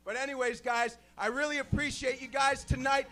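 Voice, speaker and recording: A man doing a crude, rambling stand-up set, joking about being high. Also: flat delivery, fairly quick, sharp tone. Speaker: stand-up comedian. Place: small club stage with a live audience.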